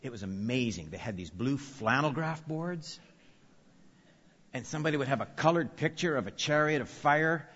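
A man's voice: mid-range voice, expressive, normal speed, fairly bright tone, slightly rough. A man preaching an expository sermon, emphatic, repeating key phrases and putting questions to his listeners. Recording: long reverb, dull lo-fi sound.

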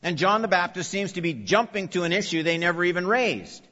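A man delivers an emphatic sermon in a rather high, bright voice, leaning on repeated phrases and questions to his listeners. His voice rings with a long reverb, and the recording sounds dull and lo-fi. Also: lively intonation, brisk. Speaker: preacher. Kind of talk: expository sermon.

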